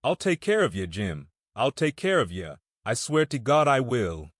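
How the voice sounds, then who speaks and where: A man's voice: fairly low pitch, animated, extremely slow, no echo, clean studio sound, full character voice. A man voicing a naive young recruit who stammers and cries out in panic. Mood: hysterical. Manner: stammering, hysterical.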